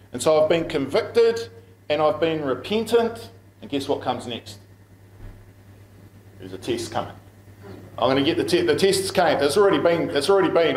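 A middle-aged pastor with a New Zealand accent delivers a sermon in a relaxed, conversational way, often laughing at his own stories. His voice sits a little high for a man. The sound carries the echo of a large room. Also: a little hiss or hum. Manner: conversational storytelling, laughs at himself. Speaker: pastor and school principal. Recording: echoey room.

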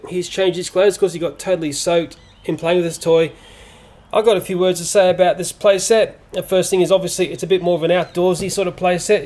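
A man's voice: sits high, darkish tone. A man casually reviewing a toy playset, chatty and given to exclamations like "oh dear.".

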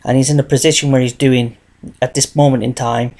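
A man's voice: mid-range voice, level tone, a little fast, a little mellow. A man in his thirties telling a long, rambling story in a casual vlog monologue, circling back and repeating phrases as he goes. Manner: rambling, repetitive, restarts phrases, tells his story in third person. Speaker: vlogger.

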